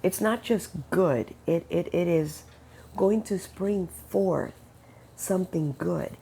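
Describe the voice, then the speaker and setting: A woman shares a personal faith testimony in a low, darkish voice with a gravelly edge. She tells it like a chat, jumping up in pitch to act out what people said, then slowing to an earnest pace when she preaches. A faint hiss sits under the recording. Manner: animated storytelling, acting out quoted dialogue with quick pitch jumps. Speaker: Christian speaker sharing a testimony. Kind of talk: casual spoken testimony.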